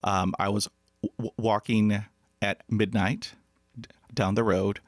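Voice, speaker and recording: Brief: male podcast host, low voice, slow and halting stutter, dry close sound. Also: flat delivery, no room sound. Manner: stutters with repeated sounds and blocks. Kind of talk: conversational interview.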